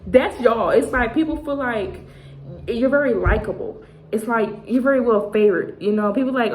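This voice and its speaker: A woman's voice: on the high side, moderate pace. A woman in her twenties giving a casual tarot reading to her viewers, chatty and full of slang, often acting out what other people say. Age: 20s. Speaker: tarot reader. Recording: echoey room with faint noise.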